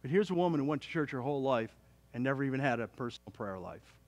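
A male pastor preaching a sermon in an animated, joking way, with many restarts. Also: medium pitch, fast talker.

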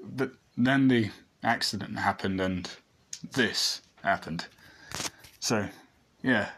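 A man's voice: on the low side, slow, a bit bright, a little hiss or hum. A man voicing an easygoing blind teenage boy in a fan story, rambling in a laid-back way and correcting himself as he goes.

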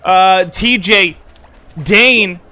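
A young man streaming a game live, excitable and swearing, swinging from loud outbursts to muttering. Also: high voice, extremely slow. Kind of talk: live-stream gaming chat.

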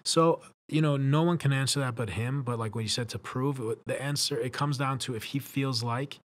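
A man appearing as a guest on a podcast and chatting casually, often pausing and restarting his sentences with filler phrases. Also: mid-range voice. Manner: halting, fills his sentences with "you know". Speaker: podcast guest, bodybuilding competitor.

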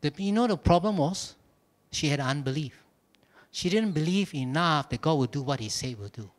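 A male pastor preaches to his congregation in an animated, storytelling way, mixing humor into his points. His voice sits a little high for a man, and he speaks into a stage microphone in a church. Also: normal speed. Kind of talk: sermon. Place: church service.

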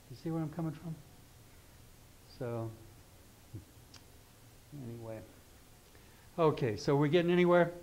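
A man's voice: a little high, darkish tone, low-quality recording. An older man teaching an astrology class, talking informally, rambling into asides and checking in with the class. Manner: conversational, keeps checking in with "okay?".

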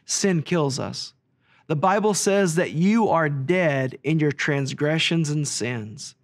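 Earnest high-voiced man preaching. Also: takes it slowly. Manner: earnest, repeats key phrases for emphasis. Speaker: ministry leader. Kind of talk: gospel message to camera.

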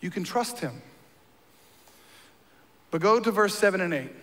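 Pastor guy preaching, high bright voice, jokey and emphatic, big church reverb. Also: lively intonation, measured pace. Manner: conversational, joking, emphatic preaching. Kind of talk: sermon. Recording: long reverb of a church hall.

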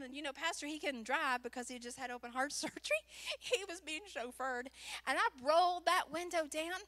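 Bright, animated woman preacher. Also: high voice. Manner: animated, expressive storyteller. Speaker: church speaker, pastor's wife. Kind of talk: sermon with personal storytelling. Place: church.

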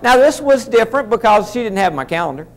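Animated folksy male storyteller. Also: sits high, fast talker, a little hiss or hum. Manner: folksy, talks straight to the audience as folks. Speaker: motivational speaker. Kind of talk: humorous keynote storytelling.

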